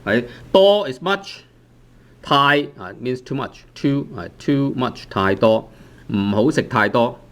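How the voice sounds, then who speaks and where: A man's voice: medium pitch, animated, slow pace, fairly bright tone. Man teaching grammar. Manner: checks in with "right?" after nearly every phrase, with frequent "uh" restarts. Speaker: language teacher. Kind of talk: explaining grammar to learners.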